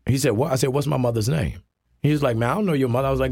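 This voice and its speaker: A man in his thirties, an actor guest telling stories in a casual interview, animated and full of slang. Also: mid-range voice, racing, slightly rough, no room sound, clean studio sound. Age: 30s.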